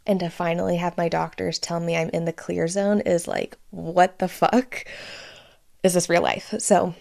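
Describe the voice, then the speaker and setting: A woman's voice: fairly low pitch, normal speed, gravelly, darkish tone. A young woman hosting her own podcast, talking casually and candidly, close to tears and swearing freely as she shares news. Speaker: podcast host. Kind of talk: casual solo podcast update.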